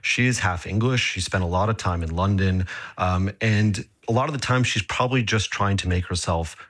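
Husky-voiced man, measured expert. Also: low-pitched, fairly bright tone. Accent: mixed North American with a Southern US base. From Southern US. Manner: measured and academic, with frequent fillers and restarts. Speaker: accent expert guest. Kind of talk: radio phone-in interview.

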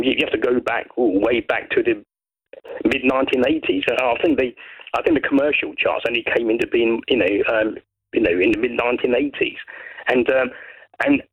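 A man from Brighton calling in to a radio show, chatting in a hesitant, rambling way and often repeating words. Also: medium pitch, vocal fry, breathy edge. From Brighton, England. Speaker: caller. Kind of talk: phone-in chat. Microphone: telephone. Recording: muffled phone line.

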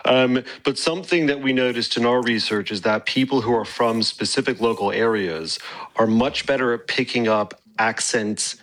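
An American man, an academic guest, explaining his research in a measured, explanatory way. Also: medium pitch, fairly bright tone, rough recording. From North America. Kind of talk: expert interview.

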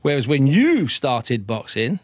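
A man's voice: medium pitch, sing-song, unhurried, no room sound. Chatty male boxing podcast host. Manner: talkative, jokey, thinks aloud with restarts. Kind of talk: conversational interview.

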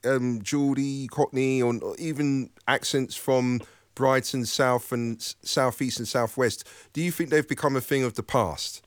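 A man's voice of middling pitch, recorded close and dry. He hosts a relaxed interview and works his way through his questions in a hesitant, musing way. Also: a little slow, no echo. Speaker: host. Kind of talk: casual interview chat.

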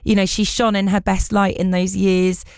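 A woman hosts a podcast interview in a reflective way. She reworks her phrasing mid-thought, and her voice is mid-pitched. The recording is close and dry. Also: level tone, moderate pace, a little mellow, smooth, no echo. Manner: thoughtful, rephrasing as she goes.

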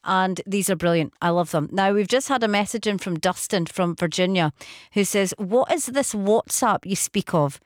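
A woman's voice: medium pitch, moderate pace, dry recording. A woman presenting a late-night radio show, chatting and reading out listener messages in a studio. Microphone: studio microphone.

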